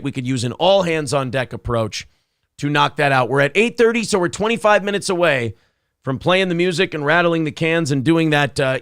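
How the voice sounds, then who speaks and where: Man, talk show host, sarcastic, crude, gravelly, dry close mic. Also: on the high side, a bit bright, no room sound. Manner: crude, sarcastic, reads out viewer donations. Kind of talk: casual live-stream talk show banter.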